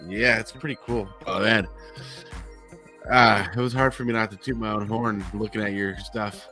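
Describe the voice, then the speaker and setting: A man's voice: fairly low pitch, steady tone, moderate pace, sharp tone, soft background music. A man chatting casually on a live stream, supportive and agreeing often. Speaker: co-host. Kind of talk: casual chat.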